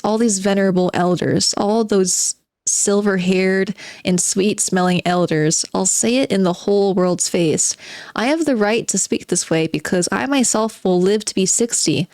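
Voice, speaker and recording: A woman's voice: mid-range voice, dry recording, studio quality, lightly acted. A woman reading aloud as a spiteful, bitter forty-year-old male recluse who sardonically lectures his listeners. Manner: sardonic, self-mocking monologue addressed to "gentlemen".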